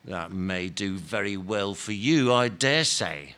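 A man's voice: low voice, expressive, takes it slowly, fairly bright tone, pitched below the performer's own voice, heavily acted. A man reading aloud and voicing a bitter, self-righteous male ghost who insists on his rights in blunt, ungrammatical speech. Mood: indignant. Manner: indignant, insistent, ungrammatical working-class talk. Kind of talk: dramatic reading of a novel.

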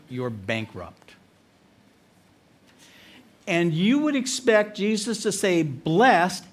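A man preaching a sermon earnestly, with pauses and emphasis. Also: on the high side. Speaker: pastor.

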